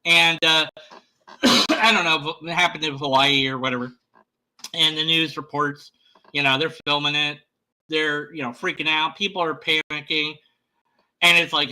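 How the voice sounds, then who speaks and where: A man's voice: on the high side, measured pace, sharp tone, rough recording. A man talking casually to camera in a vlog, rambling with many fillers and restarts. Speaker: YouTuber.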